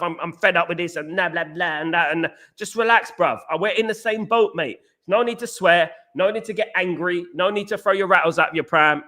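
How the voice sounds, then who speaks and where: Chatty man with a bright voice. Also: fairly high pitch. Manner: chatty, repeats phrases, calls viewers mate and bruv. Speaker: fan channel host reading viewer messages. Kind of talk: casual livestream chat.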